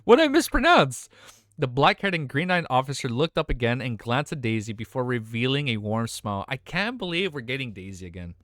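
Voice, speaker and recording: A man's voice: medium pitch, animated, fairly quick, hardly any pauses, fairly bright tone, dry recording, clean studio sound. A young man reading a web novel aloud on a live stream, stumbling over words and breaking off to react emotionally with casual swearing and slang.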